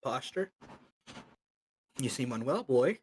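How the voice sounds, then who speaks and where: A man playing a wise old samurai who speaks in a slow, measured, grave way in a tabletop game. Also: mid-range voice, lively intonation, a little hiss or hum. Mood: calm, grave.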